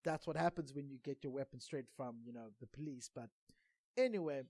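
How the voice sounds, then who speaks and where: A man's voice: mid-range voice, a little fast, a little mellow, no echo. A South African man chats on a gaming podcast in a wry, meandering way. He stumbles through fillers and restarts as he goes. The sound is close and dry, with no room in it. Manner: rambling and wry, with many ums and self-corrections. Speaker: podcast co-host. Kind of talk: casual gaming podcast chat.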